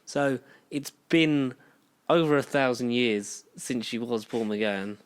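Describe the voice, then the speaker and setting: A man's voice: medium pitch, slow pace, clean tone. A man co-hosting a casual podcast, rambling through fan details with many restarts. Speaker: podcast co-host. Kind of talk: casual chat.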